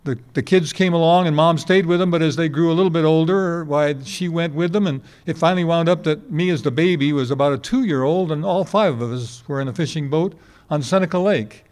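Elderly preacher telling folksy stories. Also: male voice, a little high, fairly quick, darkish tone. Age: 80s. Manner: folksy storytelling with rhetorical questions. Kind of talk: sermon. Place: before a congregation.

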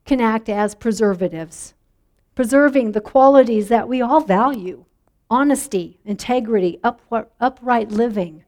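A woman's voice: on the high side, unhurried, darkish tone. Woman preaching a conversational sermon. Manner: conversational, inviting congregation responses. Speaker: pastor.

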